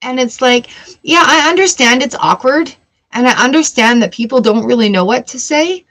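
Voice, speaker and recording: A woman does a casual tarot reading on a live stream, chatty, blunt, and swearing freely. Her voice is high and fairly bright, at a moderate pace.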